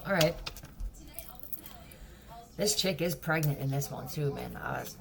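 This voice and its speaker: A woman's voice: low-pitched, takes it slowly, vocal fry, long pauses, noisy background. A woman giving a casual tarot reading, blunt, profane and mocking. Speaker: tarot reader.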